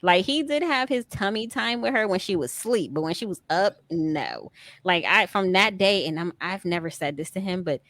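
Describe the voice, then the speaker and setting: A woman in her thirties, a former soldier and mother, telling her story in a casual interview, animated and laughing often, acting out what people said. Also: lowish voice, normal speed, dry recording. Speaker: guest, army veteran and mother.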